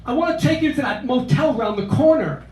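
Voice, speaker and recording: A man's voice: very high voice, lively intonation, fairly quick, a little mellow, soft background music, pitched above the performer's own voice. Pushy, begging South Philly guy, late twenties, drunk and married, as a man reads him aloud, raised voice, distant roomy mic. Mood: coaxing. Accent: South Philadelphia.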